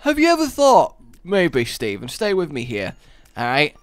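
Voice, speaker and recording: A man's voice: fairly high pitch, huge pitch swings, normal speed, no echo. A man voicing an earnest male zombie enemy, talking in a raised, eager, persuasive way.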